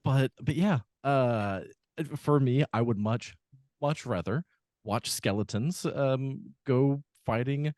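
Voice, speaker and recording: A man's voice: mid-range voice, takes it slowly, darkish tone, no echo, studio quality. A man co-hosting a podcast, talking through a film in casual chat with lots of fillers and restarts. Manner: rambling, many fillers and restarts. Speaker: podcast co-host.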